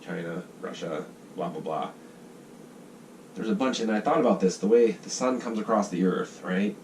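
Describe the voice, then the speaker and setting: A man's voice: sits low, moderate pace, darkish tone. A man from the United States, talking casually in a rambling monologue, swearing and acting out the voices of groups. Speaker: vlogger sketching ideas. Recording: distant mic with faint noise.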